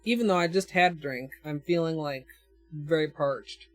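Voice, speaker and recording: A woman's voice: sits low, normal speed, faint music behind. A woman with a Minnesotan accent chatting casually on a livestream, thinking aloud as she demonstrates and answers her chat with frequent chuckles. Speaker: nail art livestreamer.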